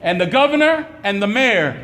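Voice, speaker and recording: A high-pitched man gives an impassioned press conference statement. His delivery is fiery and preacherly, climbing into outrage, and his voice rings through an echoey hall over faint background noise. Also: very animated, moderate pace, a bit bright. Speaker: community activist at press conference.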